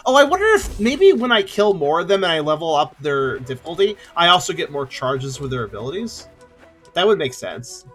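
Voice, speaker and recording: A man's voice: fairly high pitch, sing-song, brisk, fairly bright tone, slightly rough, faint music behind. A man streaming a game, chatting casually and thinking aloud while he plays. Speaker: let's play streamer. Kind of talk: casual gameplay chat.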